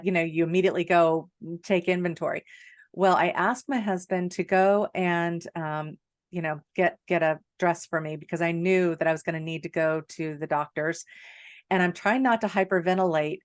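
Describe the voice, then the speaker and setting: A middle-aged woman tells a story on a podcast in an easy, chatty way, laughing as she goes. Her voice sits a little low for a woman. The sound is dry and close, with no room around it. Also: dry recording. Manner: animated, laughs often while telling a story. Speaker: podcast co-host. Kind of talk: casual storytelling chat.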